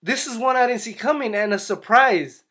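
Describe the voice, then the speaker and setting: A man's voice: extremely high pitch, moderate pace, bright, forceful tone. A man casually reviewing a wrestling episode for his channel, rambling with frequent restarts and acting out what people said. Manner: rambling, restarts often, acts out quotes animatedly. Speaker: YouTube wrestling and boxing reviewer.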